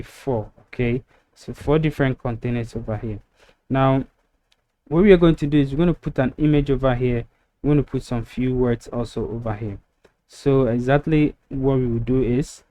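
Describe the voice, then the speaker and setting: A man's voice: medium pitch, mellow. A man walking through a website-building tutorial step by step, narrating over a screen recording with frequent ums. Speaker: web design tutor.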